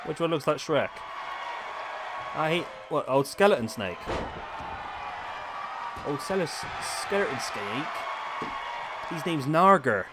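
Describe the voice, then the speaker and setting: Over a very noisy crowd, a man in his thirties streams a wrestling game and chats casually with viewers. His voice is fairly high with lively intonation, and he takes it slowly with long pauses.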